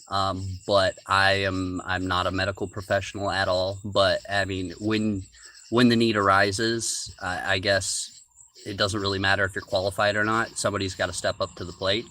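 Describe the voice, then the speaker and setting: Man, casual storytelling, bright tone, rambling, fillers. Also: deep voice, little pitch movement, normal speed. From rural United States. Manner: rambling, many restarts and fillers. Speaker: podcast guest telling a story.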